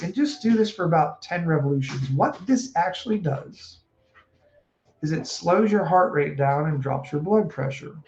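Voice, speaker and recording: A man coaching casually on stress and breathing, animated and acting out quoted speech. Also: sits high, fairly quick. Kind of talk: casual advice talk. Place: home room with a puppy. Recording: echoey room, dull sound, faint noise.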